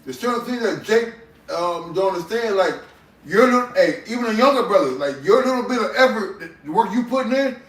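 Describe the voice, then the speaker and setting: Man, preachy group leader, high-pitched, distant from the mic. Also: lively intonation, fairly bright tone. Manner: preachy, exhorting, fills pauses with long strings of "um". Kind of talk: casual faith group discussion. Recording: echoey room, mic far off.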